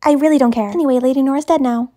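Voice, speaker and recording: Woman doing a bratty superheroine, high voice, rapid snippy delivery, mocking, comedy dub. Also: steady tone, warm tone, natural voice. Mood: sarcastic. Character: bratty sarcastic teenage superheroine.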